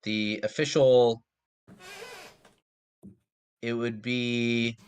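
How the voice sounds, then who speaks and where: A man's voice: mid-range voice, flat delivery, very slow, clean tone. A man running a tabletop game as game master, easygoing and careful with the rules.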